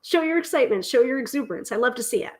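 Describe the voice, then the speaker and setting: A middle-aged woman hosting a live tarot stream, talking casually and excitedly with many fillers and restarts. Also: sits high, rapid-fire, rough recording. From United States.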